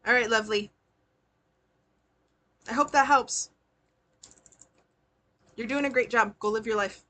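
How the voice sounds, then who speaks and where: A woman's voice: fairly high pitch, unhurried, pushed and bright. A woman giving tarot readings on a live stream, chatty and slangy, laughing often as she talks to her sitters. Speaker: tarot reader and spiritual healer.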